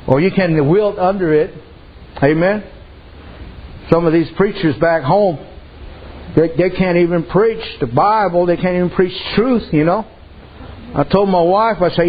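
Over a dull, slightly hissy lo-fi recording, a high-voiced man preaches at a moderate pace with a breathy edge and frequent pauses. His sermon feels folksy and chatty, full of stories, and grows more intense as he presses each point.

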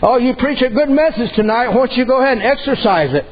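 A preacher putting on the fatherly, gently teasing voice of God within his sermon. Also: very high-pitched, fast talker, voice pushed up. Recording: dull lo-fi sound with faint noise.

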